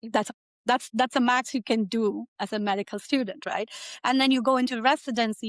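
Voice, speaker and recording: In a dry recording, a middle-aged physician from India speaks in a slightly high voice. She answers interview questions in a chatty way, her sentences full of "like" and frequently ending in "right?"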